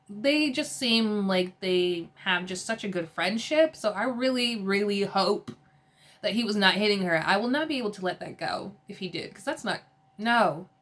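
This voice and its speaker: A woman's voice: medium pitch, a bit bright. A woman chatting casually as she recaps a TV episode, filling her speech with "like" and laughing often. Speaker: TV episode reviewer.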